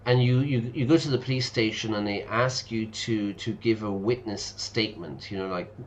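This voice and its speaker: A man's voice: fairly low pitch, moderate pace, a little hiss or hum. A man, an English teacher, chatting casually and explaining words while streaming a game. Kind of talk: casual let's-play commentary.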